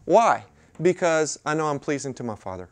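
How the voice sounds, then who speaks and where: A man preaching a sermon at a mission chapel, talking in a conversational way with sudden loud bursts and hushed asides. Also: a little high, lively intonation, normal speed. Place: mission chapel with a live audience.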